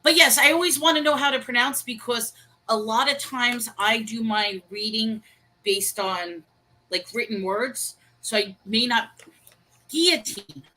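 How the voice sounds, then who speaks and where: On a rough recording, this livestream co-host talks a little slowly in a fairly high, bright, forceful voice. She keeps things chatty and casual, laughs at her own pronunciation, and greets viewers while reading their chat messages aloud.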